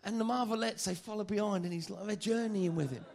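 A man preaching a sermon, lively and joking, often stammering and repeating phrases. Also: high voice, fast, gravelly.

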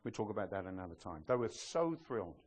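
A man's voice: lowish voice, sing-song, quick pace, a little mellow, breathy edge. A man preaching a sermon as pastor of a church, in a humorous, emphatic style. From outside the US.

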